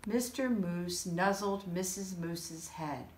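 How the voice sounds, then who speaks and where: Woman storyteller, slow, animated delivery, roomy echo. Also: mid-range voice. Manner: expressive, unhurried. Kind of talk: children's story reading. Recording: echoey room.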